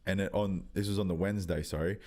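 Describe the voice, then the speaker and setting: A young Australian man in his twenties, telling a story in loose, casual podcast chat, swearing freely and pausing on many ums. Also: sits low, fairly even intonation, darkish tone. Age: 20s. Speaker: podcast guest, rugby league player.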